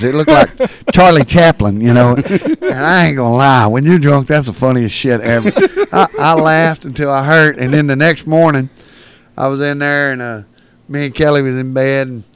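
A man's voice: mid-range voice, normal speed, clean tone. A man, a podcast guest telling rowdy stories with lots of laughter. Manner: rowdy, laughing, acts out shouted quotes. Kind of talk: storytelling in casual chat.

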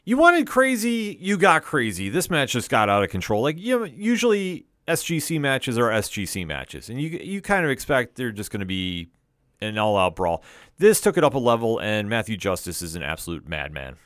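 Lively-voiced wrestling co-host. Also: male voice, medium pitch, moderate pace, no room sound, studio quality. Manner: agreeable, hyped interjections. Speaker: podcast co-host. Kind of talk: casual wrestling recap chat.

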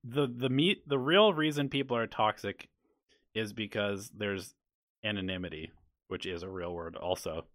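Male podcast host, low and crisp, measured reasoning, dry close recording. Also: a bit bright, dry recording. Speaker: podcast host reading chat questions. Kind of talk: casual chat.

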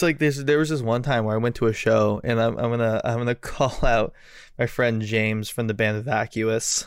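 A man's voice: medium pitch, smooth, no room sound. Male podcast host, casual, rambly, lots of "like" and cursing, dry close mic. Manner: rambling, swears a lot, many fillers. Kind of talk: casual chat.

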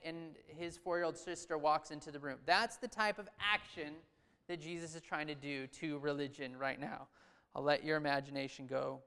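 Male pastor, chatty sermon delivery, smooth voice, long hall echo. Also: high-pitched, fairly bright tone. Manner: conversational, asks the audience questions, loose restarts. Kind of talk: sermon with scripture reading.

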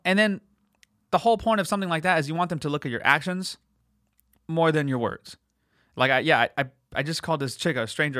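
A man's voice: fairly high pitch, a bit bright, no room sound, studio quality. A man in his late twenties hosting a podcast, talking in a blunt, rambling, profane casual monologue. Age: 20s. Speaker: podcast host.

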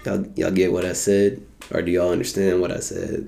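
A man's voice: low voice, little pitch movement, normal speed, creaky, mellow. A young American man hosting his podcast in a rambling, casual monologue, laid-back, joking and full of profanity. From United States. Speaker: podcast host.

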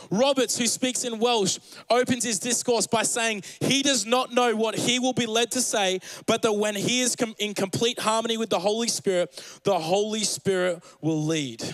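A man's voice: very high-pitched, a bit bright, no room sound, poor audio. A young man preaching a sermon as pastor, earnest and building to fervent urgency.

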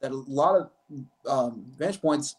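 A man's voice: mid-range voice, animated, measured pace. A man co-hosting a sports podcast, talking casually in a rambling way with many restarts.

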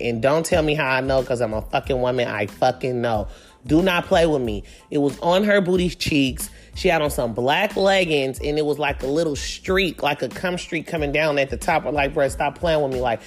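Profane, animated Bay woman telling stories. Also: sits low. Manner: profane, animated, laughing storyteller. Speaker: podcast host. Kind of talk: casual storytelling monologue.

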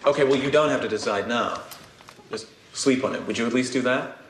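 A man's voice: medium pitch, fairly quick, slight background noise, natural voice. An actor playing an earnest gay son pleading with his mother, in an echoey film clip.

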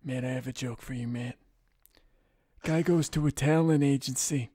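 A man's voice: mid-range voice, fairly even intonation, mellow, dry recording, clean studio sound, lightly acted. A man doing a brooding, mumbling old colonel. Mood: brooding deadpan. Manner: slow, mumbling, keeps repeating the listener's name. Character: brooding menacing older male army colonel. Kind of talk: comedic impression on a podcast.

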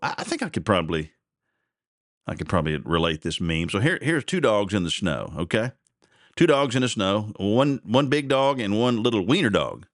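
Low-voiced guy rambling on his radio show, folksy, dry close sound. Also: sing-song, normal speed, dry recording. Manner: rambling, chatty, folksy with many restarts. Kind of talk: casual radio talk.

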